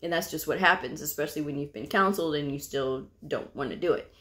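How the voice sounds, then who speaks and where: A woman's voice: deep voice, fast talker, a bit bright. A woman vlogger telling a story from her work in a casual, chatty way, with lots of asides and fillers. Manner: laughs while telling the story. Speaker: medical coding vlogger.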